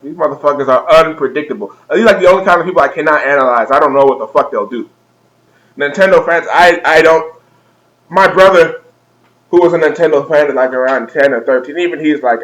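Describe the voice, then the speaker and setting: A man's voice: on the high side, a little fast, a bit bright, rough recording. A young man vlogging a comedic rant, profane and exaggerated, laughing at his own jokes.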